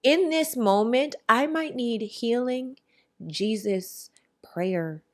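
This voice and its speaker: A woman hosting a podcast in casual chat, telling stories in an animated, rambling way with quick asides. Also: on the high side. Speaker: podcast host.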